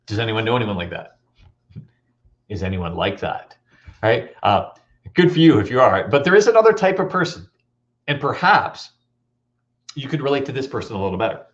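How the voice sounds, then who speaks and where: A man's voice: fairly low pitch, a little fast. A man giving a motivational talk at a school assembly, telling stories and quizzing the audience. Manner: animated, storytelling, audience questions. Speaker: motivational speaker. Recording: dull lo-fi recording.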